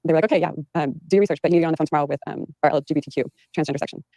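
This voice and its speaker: Female interview guest: fast, gravelly, rambling with many fillers and restarts. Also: sits low, mellow, no room sound, poor audio. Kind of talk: recounting in an interview. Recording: played from an archived interview.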